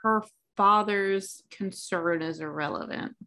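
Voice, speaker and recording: Woman co-host, mid pitch, blunt and profane, casual chat energy. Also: pushed and bright. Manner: blunt, profane commentary with quick agreement. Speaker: podcast co-host.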